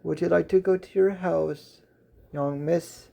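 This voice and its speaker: A polite, formal male butler and driver, read by a man narrating a fan story speaks with courteous care. The voice is dark and gravelly, delivered slowly with little pitch movement. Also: fairly even intonation.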